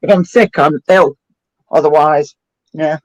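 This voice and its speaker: A man's voice: fairly high pitch, unhurried, no room sound, poor audio. A man chatting casually on a live stream, giving short, offhand replies.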